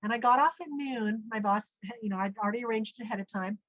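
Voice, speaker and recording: A woman's voice: fast talker, no room sound. A middle-aged woman, a podcast guest, tells a personal story with animation and acts out what people said. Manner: animated storyteller, acts out quoted speech with big pitch jumps. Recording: dull, dry lo-fi audio.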